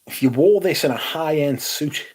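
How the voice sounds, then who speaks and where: His voice is a little high, slightly rough, and darkish in tone, moving at a normal speed. The livestream host, a Northumbrian from northeast England, swears freely, talks bluntly and casually, and reads viewers' chat aloud before replying.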